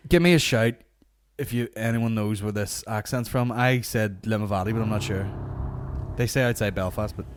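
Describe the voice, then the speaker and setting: A man's voice: on the low side, moderate pace, noisy background. A man with a Northern Irish accent hosting a comedy podcast from his garage, rambling and swearing as he jokes. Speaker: podcast host. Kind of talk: crude comedy banter. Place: warm home garage.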